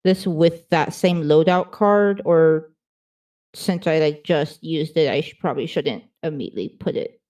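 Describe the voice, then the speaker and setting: A woman's voice: sits low, unhurried, dark tone. A woman playing a tabletop game, asking about the rules in a chatty, hesitant way with many fillers. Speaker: player.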